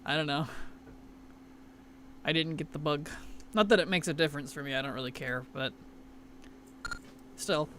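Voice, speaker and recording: A man's voice: on the high side, moderate pace, long pauses, pushed and bright, slight background noise. Offhand, mumbling male game streamer. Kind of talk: casual gaming chat.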